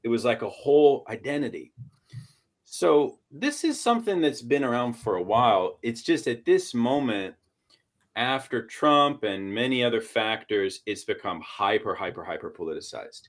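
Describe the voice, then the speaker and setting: A man from Portland, Oregon, talking through ideas in a halting, academic way on a podcast, restarting his phrases. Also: mid-range voice, lively intonation. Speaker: podcast panelist. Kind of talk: casual academic discussion.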